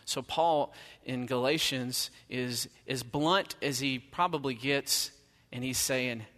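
Bright-voiced man preaching in a hall. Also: medium pitch, takes it slowly. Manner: conversational preaching, emphatic rhetorical questions. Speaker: pastor. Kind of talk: sermon.

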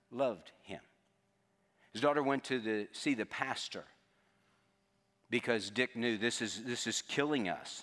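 A man preaching a sermon, telling a story earnestly and dropping to a hushed tone for quoted lines. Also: medium pitch. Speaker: pastor. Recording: long reverb of a large hall.

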